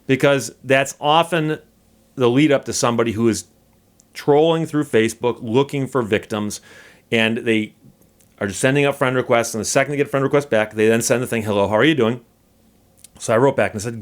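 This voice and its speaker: A man's voice: mid-range voice, moderate pace. A middle-aged man hosting a legal commentary channel, telling a story in a dry, wry way and mockingly reading out messages. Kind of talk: casual talking-head monologue.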